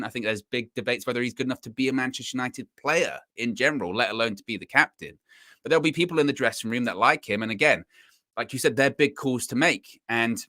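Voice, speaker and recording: Bright-voiced co-host, measured, hedging football talk. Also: male voice, medium pitch. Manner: thoughtful, hedging, many fillers. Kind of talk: casual football podcast chat.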